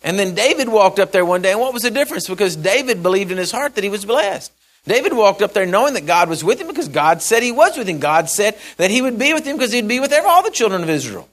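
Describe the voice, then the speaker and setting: A man preaches a sermon in a folksy storytelling style, acting out characters, repeating phrases, and swinging between loud and soft. His voice is high-pitched and very animated, and he speaks quickly.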